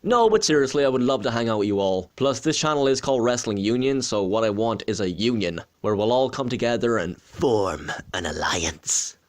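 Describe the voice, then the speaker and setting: A man's voice: mid-range voice, animated, moderate pace, few pauses. A young Irish man in his twenties, hosting a casual question-and-answer vlog in a chatty, joking, self-deprecating way. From Ireland. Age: 20s. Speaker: wrestling channel host.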